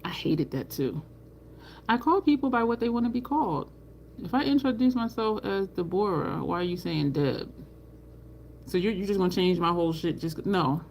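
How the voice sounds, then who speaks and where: A woman's voice: on the low side, animated, normal speed, creaky, a little mellow, a little hiss or hum. A middle-aged woman hosting a makeup livestream, chatting casually with viewers as she works, laughing often and acting out people in her stories. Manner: chatty, reads and answers live chat, laughs often. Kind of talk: casual chat while doing makeup.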